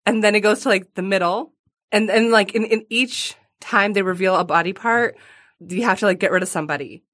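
A woman's voice: medium pitch, fairly quick, a bit bright. Woman co-host, chatty and giggly, mid-range voice, loose conversational delivery. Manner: chatty, giggly, lots of fillers. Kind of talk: casual podcast chat.

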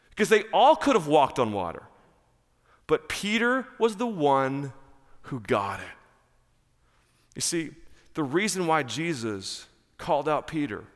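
A male pastor preaching a sermon in church, emphatic and animated, repeating key phrases. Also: fairly high pitch, big-room sound.

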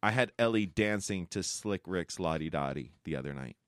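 A man in his forties from upstate New York chats casually as a podcast co-host. His pitch swings freely as he tells stories, animated and quick to laugh, recorded close and dry. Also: no echo. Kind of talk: casual chat.

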